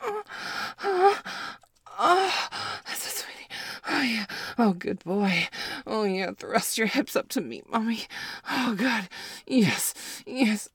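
A woman's voice: fairly high pitch, sing-song, slow pace, a bit bright, dry recording, clean studio sound, full character voice. A woman performing an adult audio role-play as a possessive, doting character, speaking breathily with moans and whispered stretches. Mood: breathy. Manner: breathy, moaning, partly whispered.

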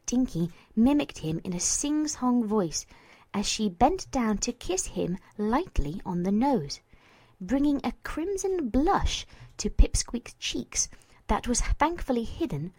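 Woman storybook narrator: slow, expressive, sometimes whispered; dry close recording. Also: on the high side, no echo. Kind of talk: storybook reading.

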